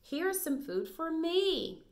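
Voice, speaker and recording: Teacher lady doing a squeaky little puppy, high and slow and sweet. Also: very animated, reverberant, heavily acted. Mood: eager. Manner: high, slow, sing-song reading voice. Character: small hungry puppy, sweet and eager.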